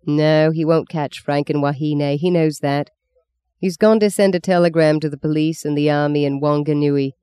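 A narrator giving voice to a grim, tired mother with a slow, heavy delivery. The voice is mellow and smooth. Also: mid-range voice, steady tone, no echo, natural voice. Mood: terse. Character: grim, weary mother, curt and sorrowful.

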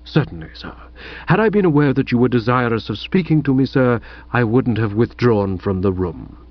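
A man voicing an imperturbable, formal male valet who speaks in a low, hushed, deferential tone. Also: animated, moderate pace, no echo, muffled recording, lightly acted.

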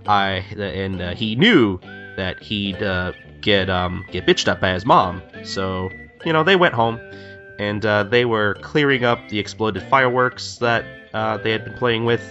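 Male co-host, casual recap, low and bright, lo-fi mic with faint music. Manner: retells scenes with quick voiced quotes, many fillers. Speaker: podcast co-host. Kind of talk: casual chat recapping a manga.

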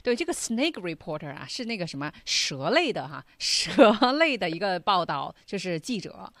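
A woman hosting a bilingual language lesson, animated and emphatic, mixing two languages. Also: on the low side, normal speed, no echo. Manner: animated, switches between languages, rising emphasis. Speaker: teacher and host.

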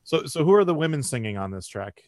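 A man hosting a podcast interview, relaxed and jokey, asking quick follow-up questions. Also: mid-range voice, dry recording, clean studio sound. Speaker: podcast host interviewing a guest. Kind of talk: casual interview chat.

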